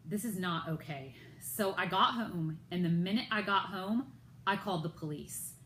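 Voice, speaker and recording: A woman's voice: lowish voice, normal speed, a bit bright, reverberant, a little hiss or hum, poor audio. An American woman telling a personal story in a vlog, retelling it with indignation and acting out others' lines in raised voices. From United States. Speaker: vlogger.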